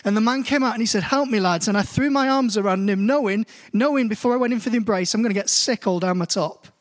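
Preaching in a church hall, a British pastor with a notably high voice reads scripture slowly and deliberately. He then tells personal stories with growing animation, his pitch rising as he goes.

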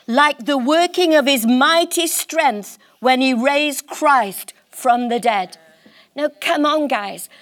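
Woman, preacher, high-pitched, impassioned, emphatic, sermon. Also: a bit bright. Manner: impassioned, emphatic, slows on key words.

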